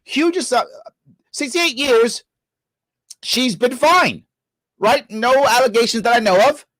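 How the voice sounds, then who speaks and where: A man's voice: very high voice, slow, no room sound. A middle-aged man hosting a live reaction show, ranting in a sarcastic, scolding way. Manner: animated, scolding, sarcastic, swearing. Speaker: show host reacting to a clip. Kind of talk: heated live-stream commentary.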